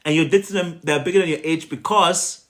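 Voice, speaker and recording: A man coaching viewers on a live stream in a preachy, animated way, often checking in with "right?". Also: fairly high pitch, fairly quick. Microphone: phone.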